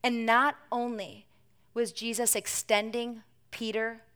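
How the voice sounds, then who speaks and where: A woman preacher giving a sermon to a congregation in church. She tells the story in an animated way, moving between emphatic lines and hushed ones. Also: fairly high pitch, slow pace.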